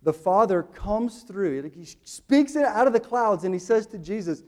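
High-voiced preacher man, dynamic delivery. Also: expressive. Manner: swings from loud slow emphatic quotes to quick hushed asides. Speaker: pastor. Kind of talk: sermon.

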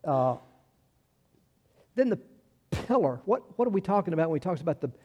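A man's voice: a little high, sing-song, brisk, darkish tone, breathy edge. A man in his sixties preaching a sermon in a folksy, conversational way, repeating words and telling personal stories. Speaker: pastor.

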